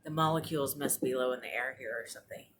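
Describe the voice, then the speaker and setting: A woman's voice: a bass voice, fast talker, a bit bright, a little hiss or hum. A woman around forty chatting casually at home for her vlog, rambling with lots of fillers and restarts. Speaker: vlogger. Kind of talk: casual chat. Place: apartment.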